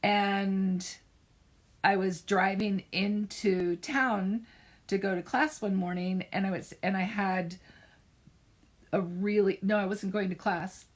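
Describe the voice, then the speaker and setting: A middle-aged woman therapist speaking casually on a live stream, telling a personal story and giving advice, unhurried and self-correcting, emphatic on key points. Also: mid-range voice, fairly even intonation.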